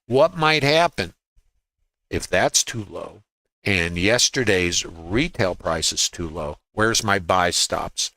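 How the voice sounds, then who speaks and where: Brooklyn-accented male trading teacher, bright and forceful, folksy, quippy, rhetorical. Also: deep voice, lively intonation, slow, no echo. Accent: New York, Brooklyn. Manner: folksy, quips and rhetorical questions. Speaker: trading educator. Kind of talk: livestream market lesson. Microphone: laptop.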